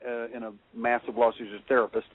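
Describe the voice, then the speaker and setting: A man's voice: medium pitch, little pitch movement, dry recording. Man telling stories over a tinny phone line. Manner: halting, many fillers and restarts, chuckles while telling stories. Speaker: guest expert on handwriting analysis. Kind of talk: rambling anecdotal storytelling.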